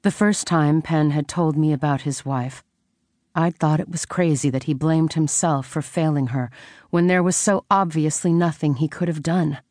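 Low-voiced woman narrating an audiobook. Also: steady tone, normal speed, a little mellow, no echo, clean studio sound. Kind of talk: first-person audiobook narration.

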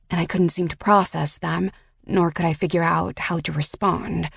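A woman narrating a first-person audiobook in a measured, reflective way on a close studio mic. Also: on the low side, fairly even intonation, creaky, breathy edge, no room sound.

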